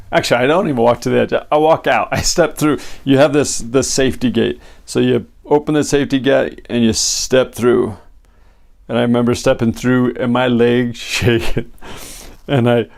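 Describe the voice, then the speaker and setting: Gravelly middle-aged man telling a story. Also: mid-range voice, moderate pace. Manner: animated, acts out other people's lines. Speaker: motivational speaker. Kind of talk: personal storytelling talk.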